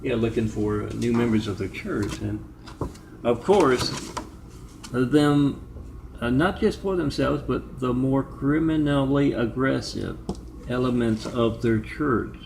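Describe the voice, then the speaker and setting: A man with a gravelly, creaky voice delivering a wandering solo monologue to camera. His pitch sits in an ordinary middle range. He drifts from point to point and spells things out slowly, letter by letter. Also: noisy background. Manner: digressive, spells out numbers and web addresses. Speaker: video maker. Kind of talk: rambling monologue.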